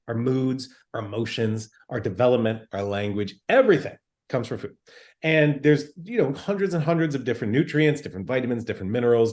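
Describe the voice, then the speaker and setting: A man's voice: medium pitch, a little mellow. A man, a physician guest in an interview, explaining things emphatically with everyday examples and frequent check-ins.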